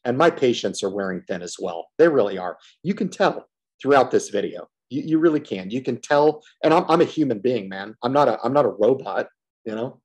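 A man's voice: mid-range voice, animated, fairly quick, husky. A man giving a frustrated solo commentary on a stock, blunt and repetitive, swearing casually and circling back to the same complaints.

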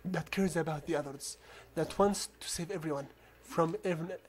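A gamer with a non-native accent narrating a stealth game in a calm, coaching way, often dropping to a whisper. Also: medium pitch, normal speed. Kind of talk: gameplay commentary.

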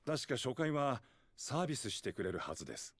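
A man's voice: mid-range voice, sing-song, racing, slightly rough, no echo. An actor playing a polite, helpful male innkeeper in a game dub, speaking formally and deferentially. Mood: courteous. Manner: formal, deferential hospitality speech. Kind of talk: Japanese game dub acting.

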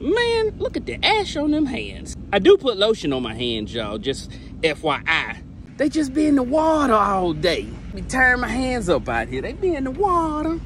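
Brief: high, wildly animated man doing a working-day vlog outside, loud and jokey, clip-on mic, clear street noise behind. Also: moderate pace, low-quality recording. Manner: loud, joking, shouts and exclaims while working. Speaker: trash can cleaning business owner. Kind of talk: casual on-the-job vlog. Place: outdoors by a house, near a street. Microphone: small clip-on mic with phone camera.

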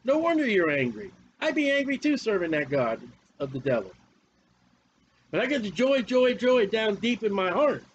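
A man's voice: sits high, sing-song, normal speed, muffled recording, slight background noise. A man preaching a fiery, confrontational sermon with a lot of repetition.

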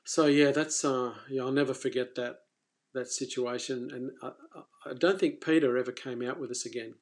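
A man hosting a fishing live stream, telling a story casually and with energy, stumbling and restarting, then trailing off quietly. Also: mid-range voice, steady tone, moderate pace. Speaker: fishing coach and channel host.

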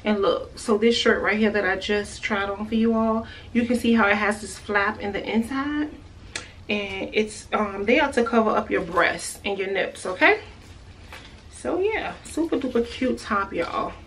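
A chatty woman gushes about her finds in a casual try-on haul, repeating her favorite words. Her voice sits at an ordinary middle pitch. It was caught on a phone camera at home, with faint room noise behind her. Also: a little slow, fairly bright tone, recorded from a distance. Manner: gushing, chatty, repeats herself. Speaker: vlogger. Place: at home, indoors.

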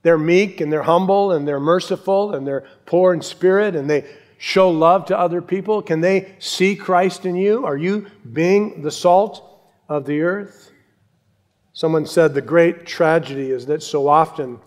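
A middle-aged male pastor preaching a sermon, emphatic, with rhetorical questions and quiet asides. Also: fairly high pitch, unhurried.

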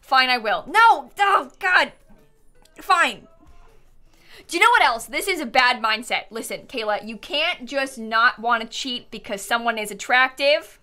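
A woman's voice: high voice, expressive, a little slow, pushed and bright, faint music behind. A young woman streaming a life-sim game from home, chatting with viewers, giggling often and thanking them for subs. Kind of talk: live game stream chat. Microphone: headset.

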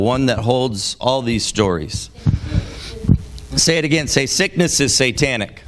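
A man preaching a sermon in a church service. He reads scripture aloud and breaks into emphatic, exasperated commentary that jumps from low reading to loud, high exclamations. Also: lively intonation, a little slow, gravelly. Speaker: guest preacher.

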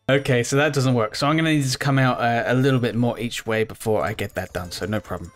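A man giving let's play commentary as he plays a game. He rambles, talks to himself and yells at the characters on screen. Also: mid-range voice. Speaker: gaming channel host.

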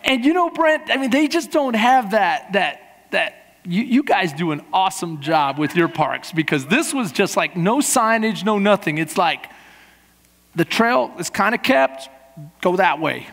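A man preaching as a pastor, telling a funny travel story in a lively way and acting out the people in it. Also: high-pitched, measured pace, gravelly. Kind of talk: sermon with a humorous travel story. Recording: long hall reverb in a church.

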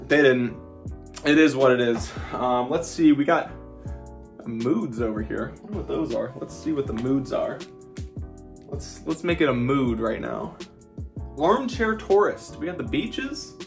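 A man giving a casual vlog tour of a hotel suite, rambling with sarcastic jokes and deadpan asides. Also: medium pitch, unhurried, soft background music. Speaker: vlogger.

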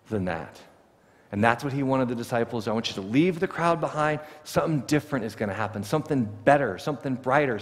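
A man preaching a sermon to his congregation, expressive and acting out the words he quotes. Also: on the high side, in a large hall. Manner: expressive, voices Jesus' words with rising emphasis. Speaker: pastor. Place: church sanctuary.

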